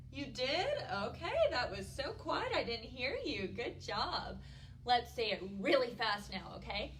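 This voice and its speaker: A woman's voice: high-pitched, slow pace, a little hiss or hum. A young woman hosting a children's story time, talking to little kids in an exaggerated, playful way with a singalong. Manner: bright, animated, exaggerated for children. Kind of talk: preschool lesson with singalong.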